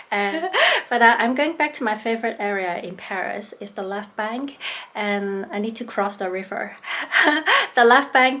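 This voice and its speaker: A woman vlogger chatting casually to her camera at an average pitch. She talks in a loose, hesitant way with plenty of fillers and often laughs as she goes. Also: fairly bright tone. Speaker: travel vlogger.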